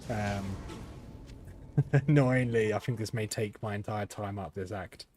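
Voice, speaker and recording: A man's voice: lowish voice, measured pace, faint music behind. A young man giving live commentary while streaming a game, thinking aloud in a chatty way with frequent ums and restarts. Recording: steady background noise.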